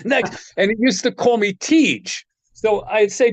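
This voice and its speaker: A man's voice: very high-pitched, animated, a little slow, no echo. An older man, a guitar technician, telling rambling stories in casual chat, often chuckling and restarting his sentences.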